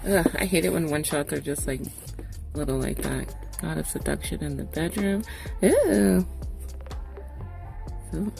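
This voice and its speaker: A woman vlogger in casual chat, relaxed and swearing freely. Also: on the low side, vocal fry. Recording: music playing behind her voice.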